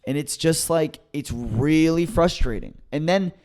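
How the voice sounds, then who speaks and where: Rambling young comedian telling a story. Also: male voice, fairly high pitch, lively intonation, measured pace, darkish tone. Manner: rambling storyteller who acts out what others said. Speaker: stand-up comedian and podcast co-host. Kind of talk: casual comedy podcast chat.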